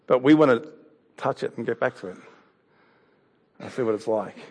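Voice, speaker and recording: A man's voice: medium pitch, moderate pace, a little mellow. A man preaching a sermon, telling a story and an anecdote in a conversational way with some laughs.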